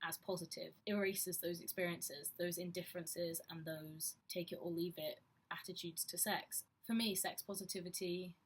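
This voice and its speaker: A woman's voice: on the low side, a little hiss or hum. A woman talking frankly and reflectively to camera in a personal vlog. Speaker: vlogger. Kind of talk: candid personal vlog talk.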